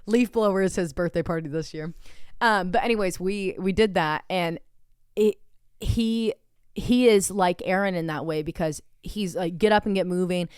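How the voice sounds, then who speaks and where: A woman's voice: on the low side, normal speed, smooth, no echo, studio quality. A young woman co-hosting a podcast, telling a story in casual chat, swearing often and acting out what people said. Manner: animated storytelling, swears a lot, acts out quotes loudly. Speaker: podcast co-host.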